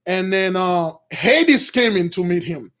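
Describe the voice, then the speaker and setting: A man with a high voice preaches informally to a gathering he calls brothers. He retells stories loosely, with plenty of fillers and restarts along the way. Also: expressive, measured pace, a bit bright. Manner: addresses listeners as brothers, many fillers and restarts. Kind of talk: informal sermon retelling a story.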